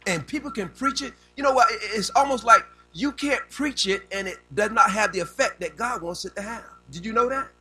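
An older man preaching a sermon with a raised voice and a very bright, sharp tone. His delivery is folksy and homespun, and he repeats words as he builds toward a point. Soft music plays under his voice. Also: high voice, a little fast, hardly any pauses, breathy edge, rough recording. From rural United States.

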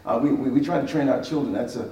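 A man's voice: medium pitch, fast, mellow, highs cut off, a little hiss or hum. A man preaching as a pastor, teaching on marriage and acting out both sides of an argument with repeated phrases. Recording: echoey hall, mic at a distance.

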